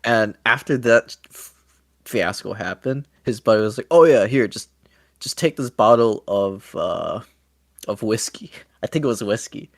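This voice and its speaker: A man co-hosting a casual podcast, telling stories slowly and laughing often. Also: lowish voice, creaky, no room sound, clean studio sound. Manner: slow storytelling with frequent laughter. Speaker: podcast co-host.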